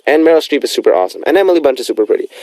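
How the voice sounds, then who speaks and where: A man's voice: medium pitch, sing-song, very fast, a little mellow, dry recording. A young man hosting a radio show in a studio, chatting casually and rambling with lots of fillers.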